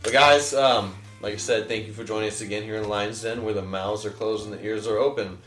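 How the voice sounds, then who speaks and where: A man's voice: on the low side, fairly even intonation, fairly quick, a bit bright. A man co-hosting a casual podcast, trading goofy rhyming jokes in improv banter. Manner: goofy, mock-preacher rhymes. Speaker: podcast co-host. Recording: echoey room with music behind.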